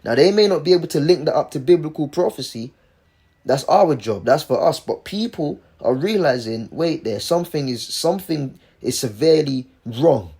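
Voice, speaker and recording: A man's voice: fairly high pitch, lively intonation, moderate pace, creaky, dark tone, husky. A man in casual religious commentary who preaches emphatically, repeats himself and keeps saying "man".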